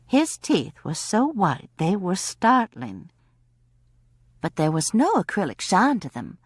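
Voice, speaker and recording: A woman's voice: medium pitch, big pitch swings, takes it slowly, slightly rough, dry recording, clean studio sound. Woman reading a cozy mystery aloud. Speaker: audiobook narrator. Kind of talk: scripted narration.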